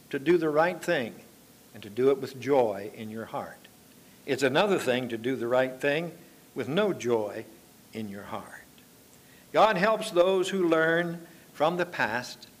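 An older man preaching a sermon, telling stories in an unhurried, folksy way and drawing out his phrases. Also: fairly high pitch. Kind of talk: sermon with anecdotes.

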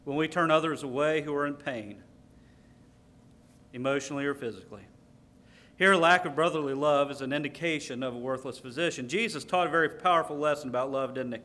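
A man's voice: fairly high pitch, fairly quick, sharp tone. A man preaching a sermon, stressing key words and reading scripture aloud.

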